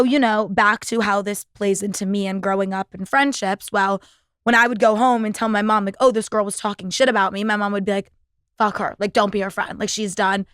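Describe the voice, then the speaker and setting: A woman's voice: medium pitch, fairly bright tone, dry recording. A young woman in her twenties chats through a story on her podcast. She swears freely and fills her talk with "like", and her voice is close and dry with no room sound. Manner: chatty, profane, full of "like" fillers. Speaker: podcast host. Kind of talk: casual storytelling monologue.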